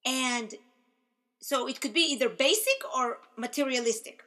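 A woman with a bright, fairly high voice teaching a casual lesson. She talks in a friendly, chatty way, asks questions and has her listeners repeat words after her. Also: moderate pace. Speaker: Torah teacher. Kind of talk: casual spoken lesson to an audience.

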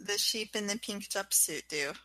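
A woman's voice: mid-range voice, moderate pace, crowd noise. A woman co-hosting a podcast in casual chat, curious and asking question after question. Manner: curious, asks many questions. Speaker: podcast co-host.

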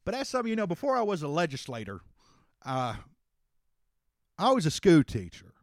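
Man playing a dad turned stump speaker, folksy and rousing, lifted pitch and volume, dry close mic. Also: huge pitch swings, normal speed, no echo. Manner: folksy stump-speech oratory, crowd-rousing. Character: folksy rousing Texan father and politician, middle-aged man.

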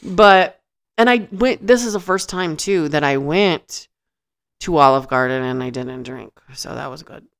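A woman's voice: sits low, unhurried, gravelly. A woman on a podcast telling a funny story in casual chat, acting out quotes, laughing often and swearing. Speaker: podcast co-host.

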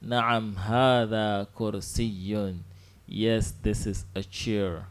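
A man teaching an Arabic lesson, drilling simple phrases slowly and patiently and asking students to repeat after him. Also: fairly low pitch, little pitch movement. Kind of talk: online language lesson.

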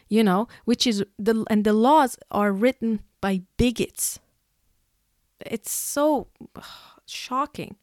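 A woman's voice: a little high, no echo, clean studio sound. A young woman from Iran giving an emotional, exasperated opinion monologue as a vlogger, sighing and laughing between points.

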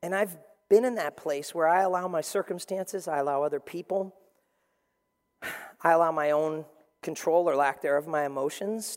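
A man delivers a sermon in a big hall where his voice rings out with a long reverb. He preaches with animated energy and playful asides, and he briefly puts on other voices to make his points. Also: a little high. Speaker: pastor.

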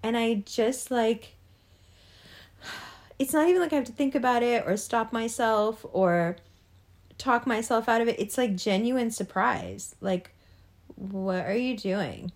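A young adult woman talking casually to camera, laughing often and acting out people's reactions. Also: a little high. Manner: laughs often, acts out reactions, drawn-out delivery. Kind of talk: casual monologue.

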